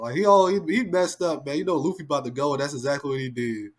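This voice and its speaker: A man's voice: fairly high pitch, quick pace. Slangy man reacting to a comic. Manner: slangy, loose, peppered with "man" and "like". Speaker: manga reviewer. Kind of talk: casual reaction and review.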